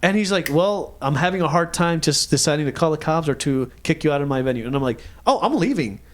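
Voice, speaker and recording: On a casual podcast, a co-host with a fairly high voice moves at a quick clip through a story. He curses heavily and brings it to life by acting out what people said.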